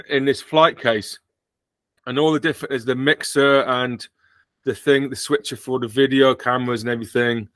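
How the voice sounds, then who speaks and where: British male podcast host, bright sound, dry close mic, jokey and rambling. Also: mid-range voice, no room sound. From Britain. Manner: joking, rambling with self-corrections. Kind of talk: casual chat.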